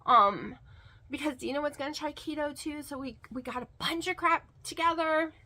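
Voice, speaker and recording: A woman's voice: high voice, normal speed, bright, forceful tone. A woman vlogger talking casually to the camera, rambling and emphatic, repeating words for stress. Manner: rambling and chatty, with many fillers.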